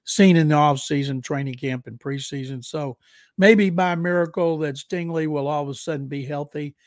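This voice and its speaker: A man co-hosts a football podcast with a slightly high voice. He gives calm, matter-of-fact analysis. The sound is dry and close. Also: moderate pace, no room sound. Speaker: football writer and co-host. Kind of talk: casual sports podcast chat.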